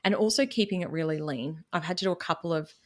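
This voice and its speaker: A woman's voice: lowish voice, fast. A woman with a Queensland Australian accent, a guest chatting candidly and animatedly about her business, laughing at herself. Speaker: guest, marketing business owner. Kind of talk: casual interview chat.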